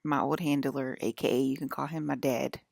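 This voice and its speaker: Here a female vlogger in her thirties, accented East Coast American, rambles easily to viewers, breaking into laughter often and at times lowering to a whisper. Her bass voice is gravelly and darkish, held at a steady tone and a fairly quick pace, with no room sound.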